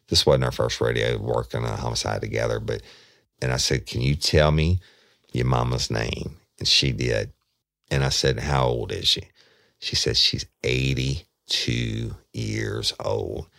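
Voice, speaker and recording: A man's voice: extremely low pitch, gravelly, a bit bright, dry recording, clean studio sound. A man, a former detective, telling a true crime story in a folksy way and replaying the dialogue line by line. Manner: folksy, retells dialogue with repeated "I said".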